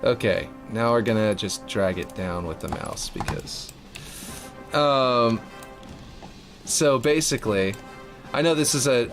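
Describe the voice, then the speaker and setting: A man from Louisiana with a light Louisiana accent, chatting casually and rambling while he builds a game map on a livestream. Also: on the low side. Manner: rambling, lots of fillers, laid-back.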